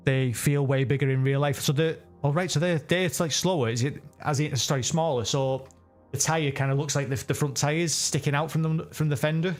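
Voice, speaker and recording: This man's voice is on the high side, with a steady tone and a fairly quick pace, and faint music sits behind him. A sim racing streamer, he casually comments on a racing game live, rambling and correcting himself.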